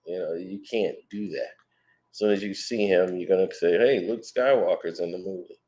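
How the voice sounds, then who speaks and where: A man giving casual, rambling commentary as a movie trailer reviewer, speculating out loud with plenty of fillers. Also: sits low, normal speed.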